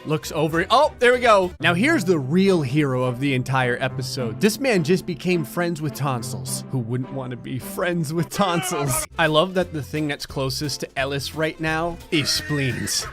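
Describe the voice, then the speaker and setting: A man giving comedic gameplay commentary, joking and laughing often with animated bursts. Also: medium pitch. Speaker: gaming video commentator.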